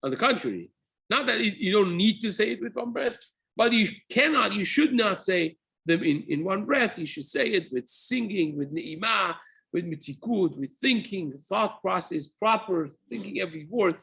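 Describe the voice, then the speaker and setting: A middle-aged rabbi leads a daily study session, his voice pitched high with a bright, slightly husky tone. He explains patiently, circling back to rephrase points and dropping Hebrew terms into his English. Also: animated, moderate pace. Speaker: rabbi teaching daily halacha. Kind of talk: spoken Torah class.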